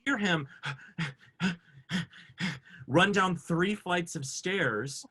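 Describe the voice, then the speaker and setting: A man co-hosting a casual video chat, telling backstage stories with lively acted-out quotes. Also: high voice, takes it slowly. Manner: lively, acts out quotes in funny voices. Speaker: co-host. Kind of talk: animated storytelling.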